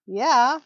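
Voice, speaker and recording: Woman, casual live-stream craft host, slightly high voice, chatty with lots of ums, slightly muffled lo-fi sound. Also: fairly bright tone. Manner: chatty, reads viewer comments aloud, many ums. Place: home craft room.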